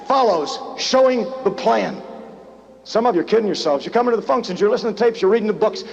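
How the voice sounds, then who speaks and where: A man giving a motivational rally speech, telling a story in punchy, repetitive lines that build to shouts. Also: high-pitched, expressive, fast, vocal fry. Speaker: motivational business speaker. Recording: dull lo-fi live tape, faint noise.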